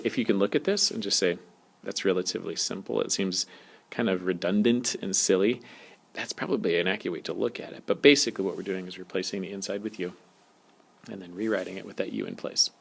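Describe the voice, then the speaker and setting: Gravelly low-voiced male math teacher. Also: brisk. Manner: relaxed, jokey, talks while writing. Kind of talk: recorded calculus lecture. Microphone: tablet screencast mic.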